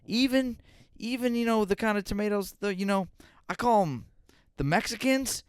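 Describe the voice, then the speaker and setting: Storytelling bit: young man doing a halting, cheap old grandpa, pitched up and loud. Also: clear, resonant tone, dry recording, natural voice. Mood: blunt.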